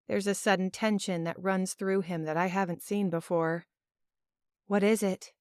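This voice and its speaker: A woman narrating a first-person audiobook in an expressive, emotional storytelling manner. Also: fairly low pitch, moderate pace, clear, resonant tone, no room sound. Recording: dry, close studio sound.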